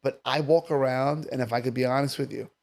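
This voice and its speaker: A man's voice: mid-range voice, fairly even intonation, a little fast, vocal fry, darkish tone. A man, a comedian chatting as a guest on a podcast in a brash, profane way. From Staten Island, New York. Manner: brash, profane, jumps between topics. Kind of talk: casual podcast chat.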